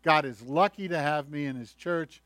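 A man's voice: fairly high pitch, moderate pace, a bit bright, no echo, natural voice. A male preacher voicing a boastful, self-righteous man praying proudly to himself. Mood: smug.

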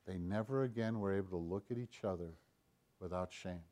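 A man preaching a sermon, swinging between loud, emphatic lines and hushed, low asides, sometimes acting out the tempter's voice in quotes. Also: brisk. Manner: acts out Satan's voice in quoted lines. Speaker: pastor.

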